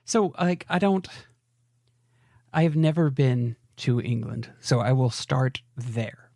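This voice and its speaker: A man's voice: mid-range voice, animated, takes it slowly, creaky, dark tone, no echo, studio quality. An American man co-hosting a podcast, talking in a rambling, hedging, self-deprecating way. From United States. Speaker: podcast co-host. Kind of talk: casual chat.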